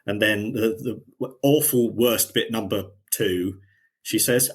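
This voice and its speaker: A man's voice: fairly low pitch, slow, slightly rough. A man, co-hosting a podcast and casually retelling scenes from a show. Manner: retelling scenes, quoting characters in a lighter voice. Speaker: podcast co-host. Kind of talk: casual chat.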